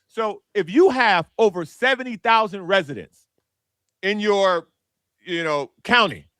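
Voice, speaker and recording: A man from Chicago on a sports podcast, telling a story in a lively, mocking way and doing little impressions of people. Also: high voice, measured pace, clear, resonant tone, no room sound, studio quality. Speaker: podcast panelist. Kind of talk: casual sports chat.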